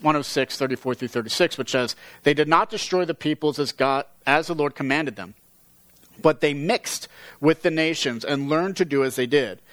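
Bible teacher, male, mid-pitched, dry studio-close voice, steady explanatory reads. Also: dry recording, poor audio. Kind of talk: reading scripture aloud with commentary.

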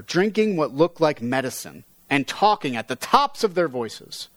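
A man reading a story aloud in a measured voice, then teaching on it earnestly. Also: fairly high pitch, no echo.

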